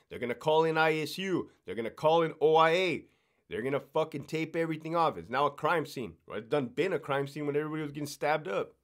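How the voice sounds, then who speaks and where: A man who worked as a correctional officer, chatting casually on a podcast. He talks bluntly, swears a lot and keeps checking in with "right?". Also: on the high side. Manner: blunt and profane, explaining rules with lots of swearing.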